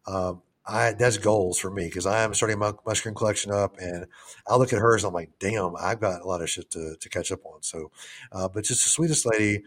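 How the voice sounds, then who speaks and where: A man's voice: fairly low pitch, a little fast, a bit bright. A middle-aged man co-hosting a podcast, rambling casually with plenty of swearing and jokes. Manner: rambling, profane, joking. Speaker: podcast co-host.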